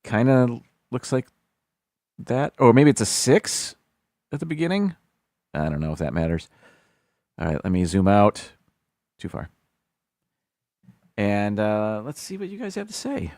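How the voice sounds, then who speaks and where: A man's voice: fairly low pitch, very animated, measured pace, pauses often, a little mellow, no room sound, clean studio sound. A man hosting a casual live stream, thinking aloud and reading out viewers' guesses.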